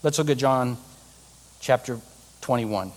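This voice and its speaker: Animated male preacher in a reverberant hall. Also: medium pitch, unhurried. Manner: animated, acts out scenes, talks to the audience. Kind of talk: storytelling sermon.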